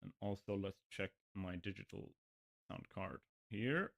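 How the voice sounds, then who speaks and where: Low, unhurried, and creaky, a man's voice with a slight lisp mutters to himself as he tweaks settings during a livestream mic check.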